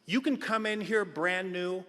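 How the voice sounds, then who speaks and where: Sharp in tone, sitting high and a little slow, this middle-aged man delivers a comedic personal tale at a recovery meeting, voicing the other characters himself. The sound carries a long hall reverb.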